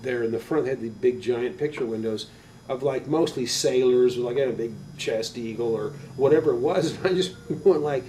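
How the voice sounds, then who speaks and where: An older man, a tattoo artist, telling stories in a casual interview, rambling and animated and swearing casually, heard on a slightly distant mic. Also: mid-range voice, normal speed, a little hiss or hum.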